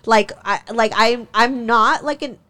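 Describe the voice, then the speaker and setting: A woman's voice: a little slow, fairly bright tone. Young woman host spilling a story, fiery, sweary, lots of fillers and laughs. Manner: heated, profane, frequent laughs, many "like" fillers; jumps in pitch when worked up. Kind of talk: casual chat.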